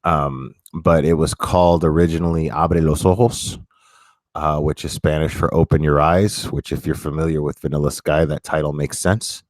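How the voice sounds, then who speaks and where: A man hosting a casual live chat, talking in halting bursts full of restarts, and swearing bluntly. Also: extremely low pitch, level tone, no echo, studio quality. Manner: halting, many restarts and fillers. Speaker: streamer reading chat.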